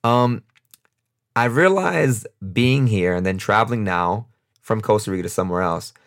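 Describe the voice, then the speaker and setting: A man's voice: lowish voice, animated, normal speed. A young man with a New York accent, hosting a casual solo podcast and talking in a rambling, off-the-cuff way with frequent laughs. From United States, New York. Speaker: podcast host.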